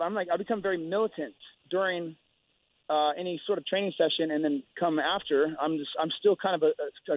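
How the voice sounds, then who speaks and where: Male interview guest, rapid and rambling with halting restarts; dry, tinny phone audio. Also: on the high side, dry recording. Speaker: guest fighter.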